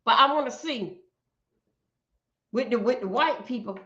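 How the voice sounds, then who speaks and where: A woman's voice: fairly high pitch, lively intonation, unhurried, sharp tone, muffled recording. A woman hosting a livestream, giving blunt, profane ranting commentary and often stumbling over repeated words. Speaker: livestream host.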